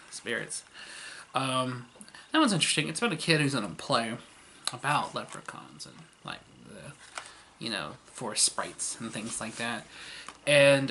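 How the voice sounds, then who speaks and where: A man talking through an old TV series in a loose, rambling vlog, with fillers and chuckles everywhere. His voice sounds bright and forward, at an ordinary middle pitch. Faint noise hums underneath. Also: gravelly. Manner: rambling, lots of fillers and laughter. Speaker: vlogger. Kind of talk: casual retelling of a TV series.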